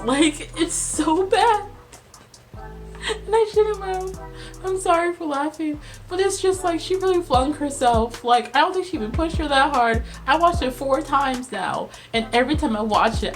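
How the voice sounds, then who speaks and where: A woman, recapping a movie on her channel in a sarcastic, animated way. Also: mid-range voice. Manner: sarcastic, animated, laughs at her own jokes. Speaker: video host reviewing a movie. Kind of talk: casual comedic movie recap.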